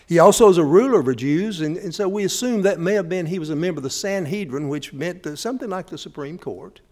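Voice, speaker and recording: A pastor preaching in a folksy, storytelling way, often speaking directly to his listeners. His voice sits a bit higher than most men's. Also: a little mellow. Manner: folksy storytelling, talks straight to the audience. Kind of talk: sermon.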